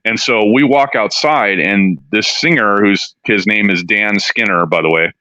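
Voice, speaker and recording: Profane rambling man, bright and dry. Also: lowish voice, a little slow, no room sound. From Southern California. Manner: rambling and profane, heavy "you know" fillers. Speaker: interview guest. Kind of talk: casual storytelling. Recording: dull, dry studio sound.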